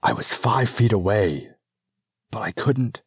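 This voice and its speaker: A man's voice: on the low side, takes it slowly, slightly rough, no room sound, studio quality, voice pushed up, heavily acted. A man reading an audiobook, voicing a weary young princess regent who speaks in a subdued, formal way. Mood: grieving.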